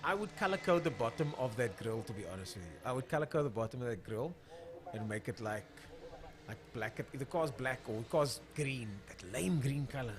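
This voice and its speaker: A man's voice: medium pitch, animated, fairly quick. A man giving casual live commentary on a drag racing stream, chatting loosely and filling gaps while he looks up drivers' names. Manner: chatty, thinks aloud, fills gaps while looking up names.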